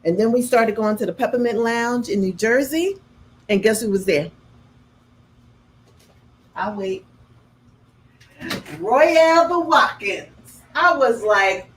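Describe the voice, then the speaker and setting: Animated New woman telling stories. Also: slow pace, long pauses, a little hiss or hum, low-quality recording. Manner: animated, acts out quotes with big pitch jumps. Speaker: host. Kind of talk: casual storytelling chat.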